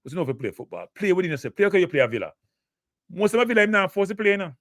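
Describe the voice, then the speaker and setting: A man's voice: high voice, big pitch swings, racing, a bit bright, no room sound, studio quality. A Jamaican man hosting a live football talk show, blunt and emotive, answering chat comments.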